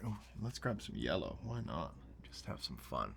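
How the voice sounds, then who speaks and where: A man hosting a relaxed painting tutorial, talking through each brushstroke and often sinking to a near whisper as he works. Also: extremely low pitch, moderate pace, vocal fry, a little hiss or hum. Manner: soft-spoken, often dropping to a near whisper while working. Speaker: painting show host.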